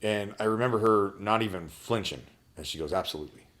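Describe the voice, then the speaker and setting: A man as a podcast guest, candidly telling a personal story in a blunt, profane way, halting and restarting often. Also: fairly low pitch, a bit bright.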